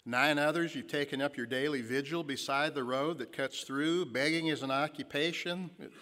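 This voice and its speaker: A man's voice: fairly high pitch, normal speed, sharp tone. A man preaching a sermon. He muses with fillers and retells a story vividly in the second person. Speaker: pastor. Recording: long reverb of a large hall.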